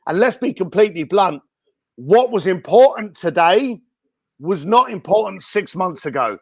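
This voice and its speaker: A man answering interview questions over a video call in a blunt, energetic way, with many fillers and restarts, his voice a little hoarse. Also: high-pitched. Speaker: guest speaker and entrepreneur.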